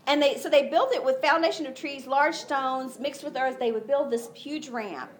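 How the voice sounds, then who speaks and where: A woman preaching a sermon, retelling the story in an animated way and acting out the voices. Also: high-pitched, normal speed. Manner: animated storytelling, acts out voices, laughs often.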